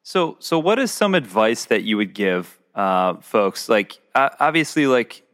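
A man co-hosting a podcast, asking long questions in a halting way full of restarts. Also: on the low side, sing-song, a bit bright. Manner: halting, many restarts while framing questions. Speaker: podcast co-host. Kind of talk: casual interview chat.

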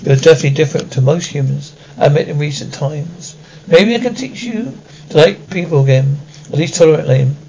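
A man's voice: a little high, a little fast, creaky, warm tone, slight background noise. A man voicing an aloof ancient male vampire lord who speaks formally and mockingly. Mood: wry. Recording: dull lo-fi recording.

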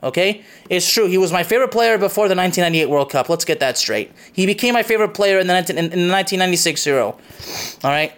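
A man's voice: sits high, animated, very fast, fairly bright tone. A young man hosting his own soccer show, delivering an impassioned opinion monologue, emphatic and repetitive, stopping for "okay?" and swearing.

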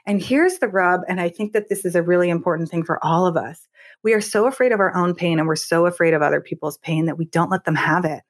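A woman talking as a podcast guest, candid and animated, laughing easily and restarting her sentences. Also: on the low side, fast talker. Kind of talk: candid conversational interview.

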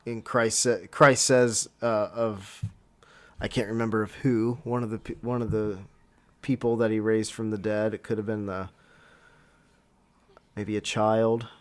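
A man's voice: lowish voice, little pitch movement, measured pace, long pauses. A man in casual religious discussion, reflective and searching for words.

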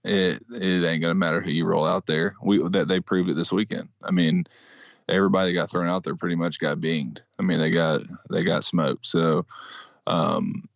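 Deep-voiced man, rambling sports talk. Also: little pitch movement, normal speed, vocal fry, no echo. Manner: rambling, self-deprecating, frequent fillers. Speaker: podcast co-host. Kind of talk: casual sports chat. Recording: dry, dull lo-fi sound.

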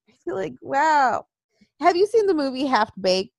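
A woman's voice: high-pitched, lively intonation, brisk, dry recording. A woman co-hosting a casual wrestling chat, profane and mocking, talking close to a dry mic.

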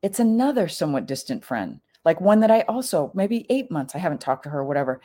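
A middle-aged woman with a lowish voice recounts a personal story in loose, casual talk. She leans on fillers and jumps up in pitch whenever she acts out what someone said. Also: sing-song, fast, warm tone. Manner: chatty, full of "like" fillers, acts out quoted lines with big pitch jumps.

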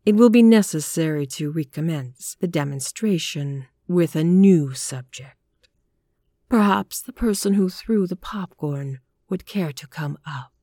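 Lady doing a creepy male stage hypnotist from a spooky story, slow purring voice, low and commanding, cool contempt. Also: animated, dark tone, dry recording, studio quality, heavily acted. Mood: mocking. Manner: measured and commanding, mocking.

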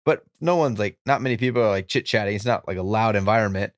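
A man's voice: fairly low pitch, fast talker, dry recording, clean studio sound. A man co-hosting a sports podcast, casual and emphatic with blunt opinions. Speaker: podcast co-host. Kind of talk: casual chat.

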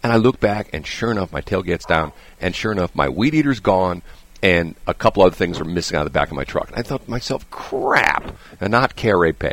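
A middle-aged man hosting a talk show, telling a long story in a casual, animated way, often restarting his sentences and checking in with "okay?". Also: low-pitched, quick pace, dry recording. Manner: rambling, animated, frequent restarts and "okay?" asides. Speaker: radio show host.

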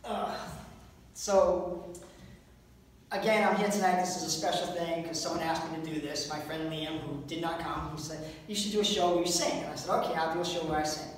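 A man doing a rambling stand-up comedy set at a fundraiser, breaking into high squeaky impressions and little sung bits. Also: fairly quick, slight background noise. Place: event room at a fundraiser. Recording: roomy hall, mic far off.

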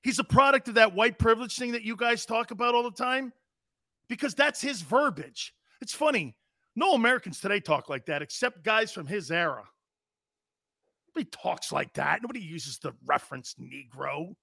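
A man's voice: sits high, animated, moderate pace, gravelly, bright, forceful tone, no echo, clean studio sound. A man hosting a live sports talk show, ranting in a blunt, profane, repetitive and heated way.

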